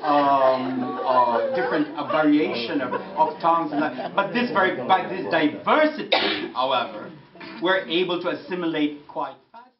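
A man lectures animatedly, laughing often and dropping French and phrases. His voice sits fairly high. The recording is distant and lo-fi, in a roomy space with a crowd audible behind him. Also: expressive, normal speed. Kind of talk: lively lecture with anecdotes.

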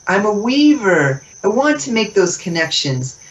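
A woman interview guest giving a spiritual teaching talk, expressive and laughing often as she acts out little dialogues. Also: mid-range voice, measured pace. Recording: distant mic, muffled, faint noise.

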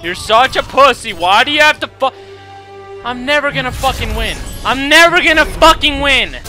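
A young man shouting, swearing and raging over an online match while commenting on his gameplay, his voice cracking from yelling. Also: very high-pitched, lively intonation, moderate pace, faint music behind. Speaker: gaming YouTuber. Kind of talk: angry live gameplay commentary.

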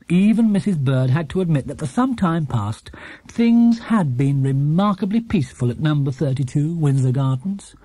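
A man narrating a children's book with a very animated, rising and falling delivery. His tone is mellow and dark, with a husky edge. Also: on the high side, dry recording. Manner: lively, storytelling. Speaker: audiobook narrator.

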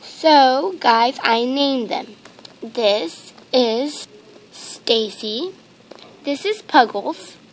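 Female toy vlogger, high-pitched and unhurried, gushing and full of ums, recorded on a handheld camera at home. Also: slight background noise. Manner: rambling and gushing, with many ums and repeated exclamations. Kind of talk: casual unboxing chat to camera. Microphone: handheld camera mic.

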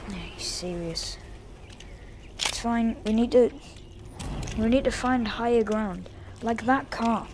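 A woman's voice: fairly high pitch, slow, long pauses, heavy background noise. A young woman streaming a game, chatting and joking, then shrieking when attacked. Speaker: gaming streamer. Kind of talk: gameplay commentary. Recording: loud game sounds under the voice.

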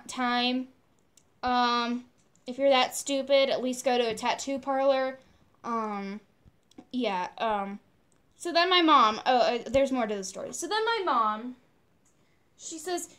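Young woman vlogging, high voice, animated storytime, swears a lot. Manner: animated, swearing, quick reenactments of what was said. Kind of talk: casual storytime vlog.

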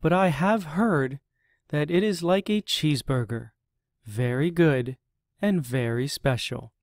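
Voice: medium pitch, a little slow, dry recording, studio quality, close to an everyday voice. A reader doing a lonely, earnest raccoon.

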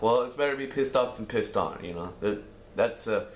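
A man's voice: mid-range voice, normal speed, fairly bright tone, a little hiss or hum. A man doing casual let's play commentary, ranting in frustration and swearing often. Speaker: gamer. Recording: roomy echo with faint game music.

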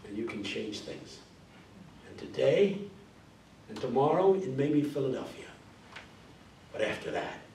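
A man giving a lively, humorous classroom lecture to graduate students. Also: mid-range voice, slight background noise. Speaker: guest lecturer. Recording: roomy, distant classroom recording.

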